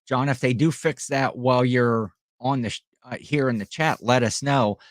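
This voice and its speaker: A man's voice: medium pitch, steady tone, moderate pace, no room sound. Casual guy livestreaming, reading chat out, dry mic, lots of uhs and restarts. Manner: rambling, reads chat aloud, many fillers and restarts. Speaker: livestream host selling items. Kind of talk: casual live-stream chat.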